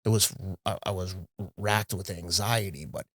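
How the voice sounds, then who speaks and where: A man's voice: sits low, normal speed, no room sound, studio quality. A middle-aged man, a guest on a podcast, speaking candidly in casual conversation and often acting out what he said to himself and others. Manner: candid, animated storyteller who quotes himself. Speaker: podcast guest, marathon runner.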